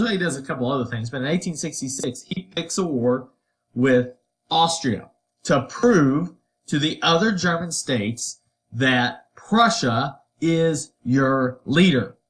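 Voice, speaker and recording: A man's voice: mid-range voice, fairly bright tone. Casual, chatty male history teacher. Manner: casual and conversational, with playful asides and voiced quotes. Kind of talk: recorded history lecture.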